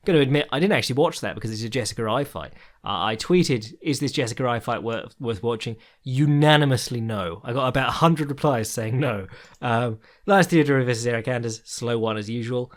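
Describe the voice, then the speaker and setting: A man hosting a podcast, talking casually, rambling with lots of ums and swearing freely. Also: mid-range voice. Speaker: podcast host.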